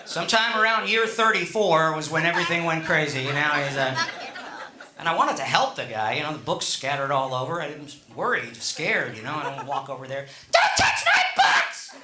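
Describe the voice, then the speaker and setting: A man's voice: a little high, a little fast, reverberant, noisy background. A middle-aged man doing stand-up, telling a rambling story with chuckles and many fillers. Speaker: stand-up comedian.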